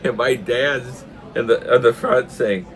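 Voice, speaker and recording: An older man telling a funny story in a casual way, laughing hard often and acting out the shouted lines himself. He talks in a pub. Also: mid-range voice, steady tone, a little slow.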